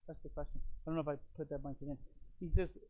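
This is a man preaching a sermon in a slightly high voice. He teaches from his notes with earnest emphasis. Some phrases land loud and others drop to a near-murmur. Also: fairly even intonation, quick pace. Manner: earnest and emphatic, swings from loud stresses to quiet lines; teacherly, walks through notes and fill-in blanks.

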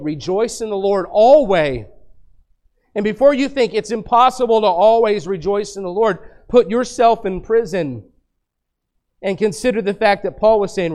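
Man, pastor, sermon, high voice, middle-aged, emphatic rhetorical questions. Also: darkish tone. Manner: preaching with rhetorical questions, dropping low then rising emphatic.

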